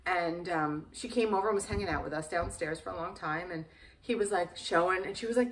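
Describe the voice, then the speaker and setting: A woman's voice: mid-range voice, normal speed, far from the mic. A woman in her forties co-hosting a casual home chat show, telling family stories and acting out what people said. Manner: chatty storyteller, acts out quotes. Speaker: podcast co-host. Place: home living room.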